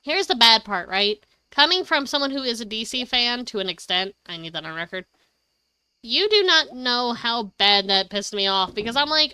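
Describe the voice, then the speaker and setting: A high-voiced woman streamer rambles excitedly in casual chat and swears freely. Her voice is bright and clear, and the room sound is dry with no echo. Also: normal speed. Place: her home.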